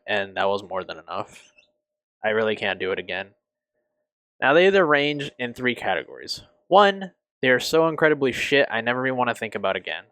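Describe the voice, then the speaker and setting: A young man reviewing a TV show on his channel, emotional and halting, swearing often and restarting his sentences. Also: on the low side, a bit bright, no room sound. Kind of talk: casual review.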